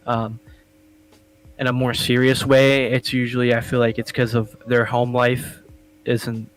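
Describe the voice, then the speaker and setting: A man's voice: medium pitch, monotone, a little slow, poor audio. A young man co-hosting a casual podcast, talking loosely with lots of swearing and laughter. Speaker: podcast co-host. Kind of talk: casual chat.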